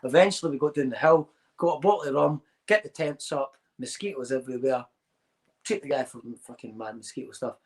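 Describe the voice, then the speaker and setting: Speaking briskly at medium pitch, this podcast host spins a long, sweary story in a casual conversation. He's animated, voicing the characters through acted-out quotes.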